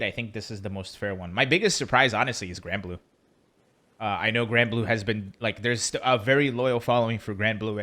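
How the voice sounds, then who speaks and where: A man's voice: on the low side, pushed and bright. A man co-hosting a casual podcast, chatty and joking, rambling with fillers. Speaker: co-host.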